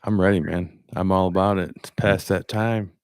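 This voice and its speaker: Laid-back deep-voiced man co-host. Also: steady tone, normal speed, clean tone, no echo, studio quality. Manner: laid-back, brief replies. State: losing his voice, coming down with a cold. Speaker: podcast co-host. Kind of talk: casual live podcast chat.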